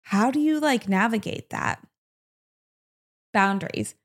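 A woman's voice: a little high, animated, takes it slowly. A woman from the US Midwest with a Midwestern American accent, hosting a solo podcast in a chatty, playful way and talking straight to her listeners. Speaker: podcast host. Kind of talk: casual solo podcast talk.

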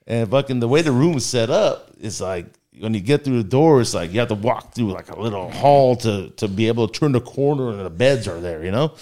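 A man's voice: mid-range voice, lively intonation, fairly quick, few pauses, dark tone. A man casually telling a story as a guest, rambling and full of filler words.

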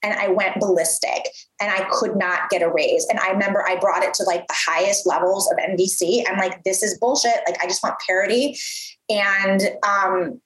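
A woman in her thirties telling a story from her career in a casual, animated way, full of fillers and acted-out quotes. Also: medium pitch, moderate pace. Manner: animated, lots of "like", acts out quoted voices. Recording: roomy echo.

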